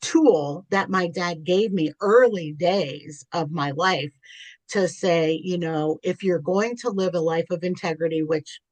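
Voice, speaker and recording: A woman's voice: lowish voice, unhurried, darkish tone, no room sound. A middle-aged woman, a podcast guest, telling candid personal stories in an earnest, chatty way, often restarting her sentences.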